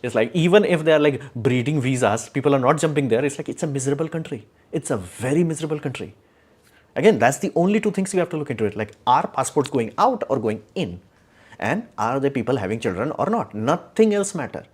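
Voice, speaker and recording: A man speaks off the cuff on a live stream, his voice sitting at an ordinary middle pitch. He is opinionated and rambling, with frequent fillers and restarts. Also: animated, fast, darkish tone, husky. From India. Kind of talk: casual live stream talk.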